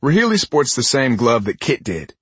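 A man narrating a first-person audiobook in an expressive way, giving each character a voice. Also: mid-range voice, normal speed, breathy edge, no echo.

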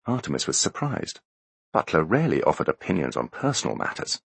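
Deep husky expressive narrator. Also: male voice, brisk, dry recording. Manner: expressive storytelling. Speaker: audiobook narrator. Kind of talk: scripted narration.

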